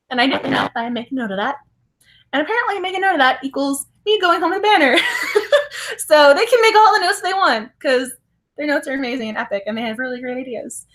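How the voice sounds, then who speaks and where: A woman chatting casually in a book vlog, excitable and giggly, rambling and correcting herself as she tells stories. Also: sits high, a little fast. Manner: giggly and excitable, laughs often; rambling, self-correcting storytelling. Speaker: book vlogger. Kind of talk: casual chat.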